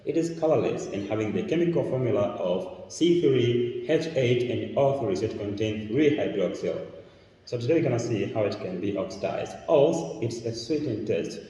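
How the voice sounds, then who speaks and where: A man's voice: mid-range voice, lively intonation, moderate pace, dark tone. A man with a Tanzanian accent, explaining a chemistry lesson step by step as he demonstrates experiments. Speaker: chemistry teacher. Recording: echoey room, mic far off.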